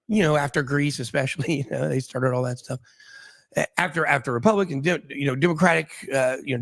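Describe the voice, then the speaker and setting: A man's voice: on the high side, a bit bright. A man hosting a casual talk show, speculating in a rambling way with many restarts and fillers. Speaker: host.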